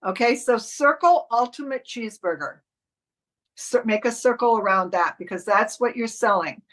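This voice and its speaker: Bright, high-voiced woman coaching a class. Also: lively intonation, moderate pace, rough recording. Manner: instructive, step-by-step, with frequent restarts. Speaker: modeling and commercial coach. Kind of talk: live online class.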